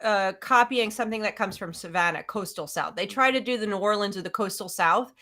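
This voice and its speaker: A woman's voice: mid-range voice, fairly quick, bright, forceful tone. A woman on a film discussion stream, talking with eager enthusiasm and frequent restarts. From lives in the American South. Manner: enthusiastic, restarts and laughs often. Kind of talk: casual chat.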